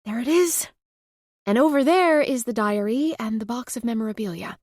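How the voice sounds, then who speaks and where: A playful, teasing young woman, pitched noticeably higher and brighter than the surrounding narration, as a woman reader puts her on. She sounds lively and cheerful, and the dry, close recording keeps her crisp. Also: moderate pace, no room sound, close to an everyday voice. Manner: bright, lively, mock Southern drawl at times.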